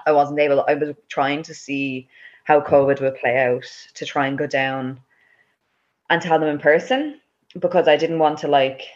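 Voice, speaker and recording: A woman's voice: sits low, steady tone, moderate pace, darkish tone, lo-fi sound. A young Irish woman in her twenties, telling a personal story as a guest in casual chat, with lots of "like" and laughter. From Ireland. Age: 20s. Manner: chatty, full of "like" and laughs.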